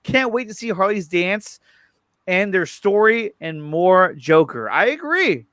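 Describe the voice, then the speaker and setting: A man hosting a casual chat about movie news. He is excited, repeats his words and often restarts his sentences. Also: high voice, measured pace, no room sound, clean studio sound. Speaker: show host.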